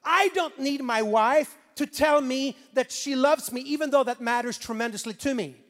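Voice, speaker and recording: A man from Sweden with a Swedish accent, preaching a sermon as pastor, animated and swinging between quiet asides and loud preaching. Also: very high voice, normal speed, big-room sound.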